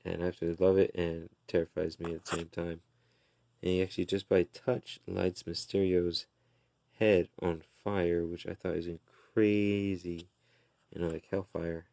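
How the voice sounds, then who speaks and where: Male comic reviewer, deep and gravelly, slow and flat, mellow, dry close sound. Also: dry recording. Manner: slow, relaxed retelling with fillers and restarts. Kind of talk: casual comic recap.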